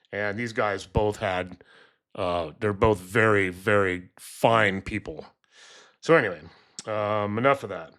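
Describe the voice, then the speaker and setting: A man with a lowish, fairly bright voice talks casually on his own, telling a story before moving into political commentary. He rambles, using many fillers and restarts, and acts out the voices he quotes.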